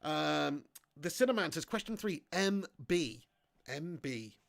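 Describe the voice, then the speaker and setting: A man streaming a football game live, commentating excitably and chatting with viewers. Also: on the high side, slow, creaky, no echo. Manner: excitable, swearing, chatty banter. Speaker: gaming livestreamer.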